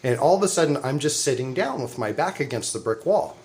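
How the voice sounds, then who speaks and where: A man's voice: fairly high pitch, quick pace, a little hiss or hum. A middle-aged man from Southern California, co-hosting a podcast and telling a wild story with frequent laughter and plenty of swearing. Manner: animated, laughs often, swears freely. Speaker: podcast co-host. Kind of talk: casual storytelling.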